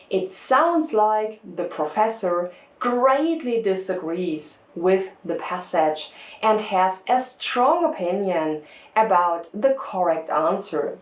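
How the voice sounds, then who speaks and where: Slow, lively woman teaching clearly. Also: mid-range voice, reverberant, poor audio. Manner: clear, deliberate teaching delivery. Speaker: English test-prep teacher. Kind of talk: scripted lesson narration.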